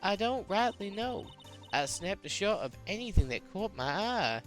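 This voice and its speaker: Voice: mid-range voice, sing-song, moderate pace, soft background music, voice pushed up. A streamer putting on a twangy Texan gal. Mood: drawling. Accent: put-on Texan. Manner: drawling, twangy and loud. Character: brash young Southern woman photographer. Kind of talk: video game voice reading.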